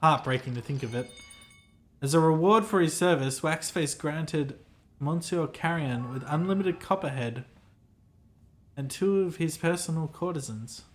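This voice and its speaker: A man's voice: a little high, a little slow, close to an everyday voice. A man voicing a pompous, self-important male hotel clerk in a game, reading the lines aloud in a formal, fussy, theatrical manner.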